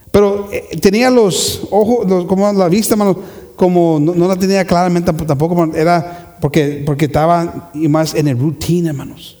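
A man's voice: high voice, a little mellow. A man preaching a sermon with passion, repeating phrases and building to emphatic peaks. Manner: impassioned, repeats himself, rises to emphatic peaks. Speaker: pastor. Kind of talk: bilingual sermon. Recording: long hall reverb.

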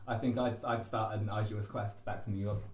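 A man's voice: fairly low pitch, little pitch movement, fairly quick, slight background noise. A man co-hosting a podcast in casual chat, hesitant and playful, full of ums and restarts. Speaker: podcast co-host. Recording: echoey room.

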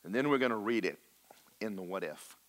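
Pastor, male, folksy sermon delivery with jokes and drawn-out emphasis. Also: fairly low pitch, lively intonation. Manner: preacherly, folksy and joking, slows for emphasis.

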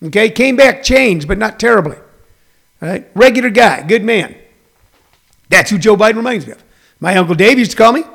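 A man's voice: sits high, lively intonation, fairly quick, creaky, long pauses, a bit bright. A middle-aged man hosting a talk show, delivering a chatty, rambling monologue full of folksy asides.

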